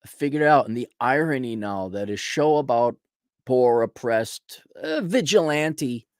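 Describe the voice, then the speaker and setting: Casting: sarcastic male live-stream host, scornful rant, swings pitch a lot, dry close sound. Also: lively intonation, measured pace, no room sound. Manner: sarcastic, scornful, restarts often. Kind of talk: casual ranting commentary.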